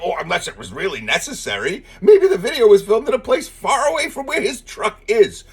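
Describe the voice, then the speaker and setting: Husky, exasperated man ranting. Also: high-pitched, big pitch swings, normal speed. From lives in Texas. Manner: profane, exasperated, sarcastic. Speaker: political commentator. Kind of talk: ranting monologue.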